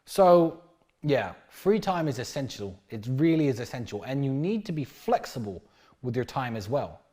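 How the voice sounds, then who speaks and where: Brash, animated man lecturing. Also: medium pitch, normal speed. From United Kingdom. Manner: brash and animated, acts out quoted dialogue. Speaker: dating coach. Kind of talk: lecture-style monologue.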